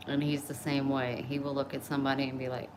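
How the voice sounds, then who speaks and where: A woman's voice: a bass voice, noisy background. A middle-aged woman talking bluntly and openly in a casual vlog, oversharing about her personal life. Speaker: vlogger. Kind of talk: candid casual chat.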